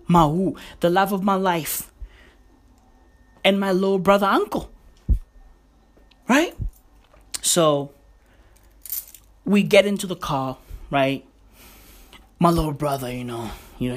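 A woman tells a story in a casual vlog. She talks in a lively way, swears freely and keeps her voice half-whispered because it is early morning at home. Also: lowish voice. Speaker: vlogger.

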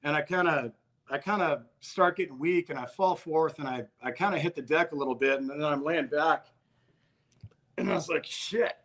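A man with a slightly high voice tells a story in a relaxed conversation. He is blunt and swears freely. He often breaks into the voices of the people in the story. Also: moderate pace. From Albuquerque, New Mexico. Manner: profane, blunt, acts out quoted exchanges.

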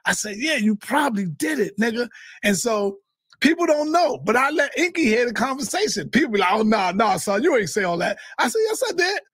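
A man telling a heated, profane story in casual talk, often shouting. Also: very high voice, lively intonation, a little fast, slightly rough, dry recording, clean studio sound. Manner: swears a lot, heated. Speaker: guest. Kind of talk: animated storytelling.

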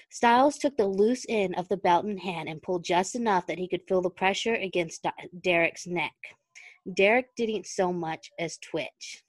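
A woman's voice: fairly low pitch, no room sound. A woman with a Southern US accent reading fan fiction aloud, giggling and stumbling over words, then going back to reread them.

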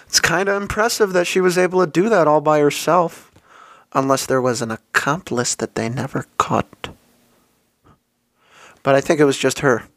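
Casual swearing young podcast host. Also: male voice, a little high, moderate pace, fairly bright tone, dry recording. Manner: casual and profane, with many fillers and quoted asides. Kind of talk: solo podcast storytelling.

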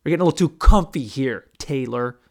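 Alone on his casual podcast, a man rambles crudely and pokes fun at himself. His mid-range voice is expressive, a little fast, and has some vocal fry.

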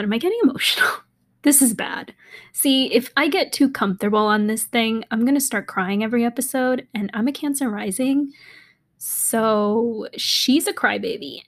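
A young woman hosting a casual solo podcast, chatty and rambling, laughing often and dropping into half-whispers. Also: fairly high pitch. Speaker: podcast host. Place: apartment in a city.

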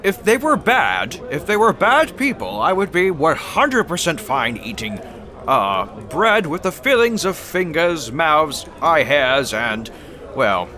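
A man's voice: sing-song, slow, sharp tone, full character voice. A man voicing a theatrical, polite half-dragon man in improvised role-play, speaking grandly and formally. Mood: earnest. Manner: grandly formal, swoops between high and low.

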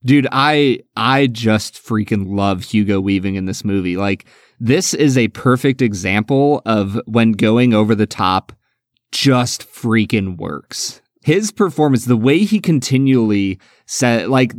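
An enthusiastic man in casual podcast chat about a film, laughing often and full of fillers. His pitch sits in the middle range. He is recorded close and dry. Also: animated, a little slow, no echo. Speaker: podcast co-host.

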